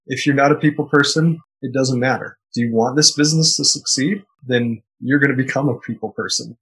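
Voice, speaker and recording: A man's voice: mid-range voice, a bit bright, slightly rough, rough recording. A man answering podcast interview questions as a guest author, in an earnest, emphatic, motivational way.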